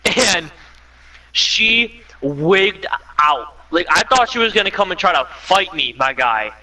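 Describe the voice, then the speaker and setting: A young man casually telling a story while gaming, animated and laughing, mimicking voices. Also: high voice, moderate pace. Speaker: streamer. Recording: distant mic with faint noise.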